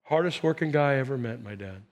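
A man in his sixties preaching as a pastor, swinging from loud emphasis to hushed quiet. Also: medium pitch, animated, fast talker, dull audio. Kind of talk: sermon.

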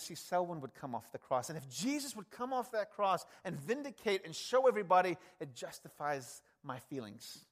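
Male preacher, higher pitch, emphatic conversational sermon delivery. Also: very animated, moderate pace, few pauses. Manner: emphatic, conversational, swings from loud to hushed.

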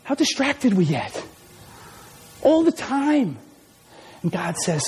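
A male pastor preaching an impassioned sermon, swinging from shouts down to whispers. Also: high voice, very animated, slow, long pauses. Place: church.

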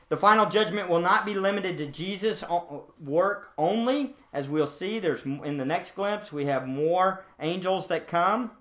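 A man's voice: a little high, a bit bright, highs cut off. A man preaching a verse-by-verse Bible teaching in a conversational way, often asking his listeners questions. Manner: conversational, asks the audience questions. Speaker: pastor.

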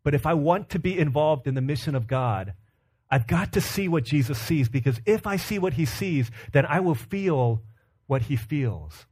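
This pastor's voice is on the high side, lively in intonation, a little mellow and slightly rough, at normal speed. In his thirties, he preaches conversationally, posing questions to the congregation and recounting tales of his young kids.

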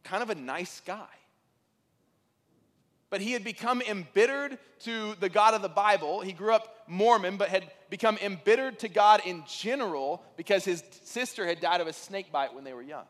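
A man's voice: high-pitched, moderate pace, a bit bright. A man preaching a sermon as pastor, earnest and conversational, with occasional fillers and restarts. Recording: reverberant hall.

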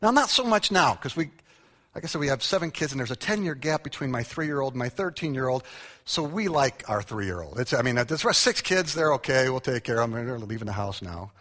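Animated preacher man in a reverberant hall. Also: mid-range voice, a little fast. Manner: animated storytelling, acting out quotes, self-mocking humor. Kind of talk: humorous sermon. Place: large church hall. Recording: church hall with long reverb.

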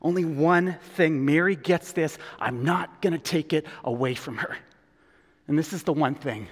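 A man speaking as a gentle, patient teacher. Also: fairly high pitch, moderate pace, long reverb tail, close to an everyday voice. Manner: soft, gentle and reassuring. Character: calm, patient male teacher, gentle and kind.

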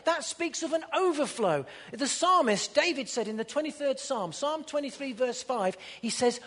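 A man preaching a sermon, swinging between loud ringing peaks and hushed low passages. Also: long reverb tail. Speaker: pastor. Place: church.

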